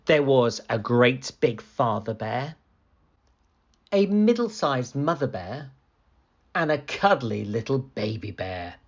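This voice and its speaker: A man reading a children's picture book aloud in an animated, expressive storytelling manner. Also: medium pitch, takes it slowly, husky, highs cut off.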